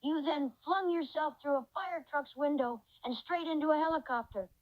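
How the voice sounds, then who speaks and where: Rudolph, in a woman's high synthetic voice. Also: moderate pace, dry recording, dull audio, natural voice. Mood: amused. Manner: effusive, reads out its own laughter cues. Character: cheerful chatty reindeer companion. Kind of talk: AI voice chat role-play.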